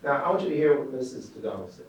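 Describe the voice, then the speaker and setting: A male attorney makes his closing argument with emphatic stress, at a middle pitch. He sits far from the microphone in a cavernous, echoing courtroom with a faint hum of room noise behind him. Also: expressive, rapid-fire. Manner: emphatic, addressing the jury. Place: echoey courtroom. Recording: echoey courtroom recording from far off.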